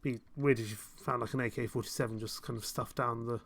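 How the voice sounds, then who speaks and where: A man's voice: mid-range voice, fairly even intonation, fairly quick, gravelly, fairly bright tone. A young man chatting through a live gameplay stream, rambling and self-mocking, chuckling often. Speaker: game streamer. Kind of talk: casual live gameplay commentary.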